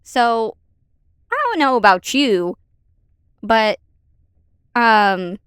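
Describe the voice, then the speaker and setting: A woman's voice: on the high side, expressive, very slow, long pauses, fairly bright tone, smooth, dry recording, clean studio sound. A woman doing casual reaction commentary at home into a desk mic, chatty and sarcastic, stopping now and then to talk to her cat. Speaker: commentary YouTuber. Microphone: desk microphone.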